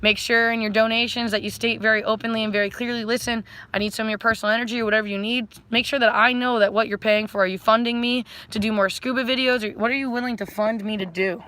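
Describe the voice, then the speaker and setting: A woman's voice: fairly high pitch, steady tone, fast talker, hardly any pauses, sharp tone. Effusive woman on a livestream. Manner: effusive, rambling, repeats affectionate phrases; spiritual pep-talk tone. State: emotional, close to tears. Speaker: livestreamer offering readings. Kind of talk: casual livestream chat to viewers.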